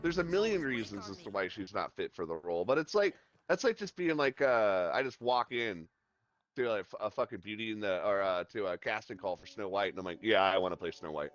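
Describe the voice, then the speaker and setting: A man's voice: fairly low pitch, animated, brisk, muffled recording, soft background music. A man chatting casually while streaming a game, rambling and joking with lots of swearing. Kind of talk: casual gaming chat.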